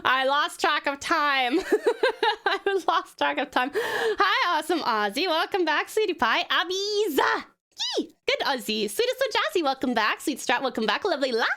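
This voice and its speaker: A woman's voice: sits high, very animated, moderate pace, bright, forceful tone. A woman from Tasmania chatting on a live stream while drawing, giggly and bubbly as she greets viewers. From Tasmania, Australia.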